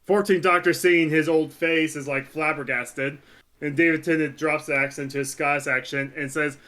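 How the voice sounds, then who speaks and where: Male podcast co-host, slightly high voice, eager and tumbling over words in casual chat. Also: moderate pace. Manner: excitable, stumbling restarts and laughs.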